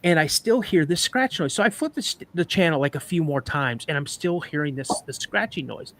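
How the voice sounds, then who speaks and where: A man telling a personal story on a live podcast, animated, acting out sounds and voices as he goes. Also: a little high, fairly quick.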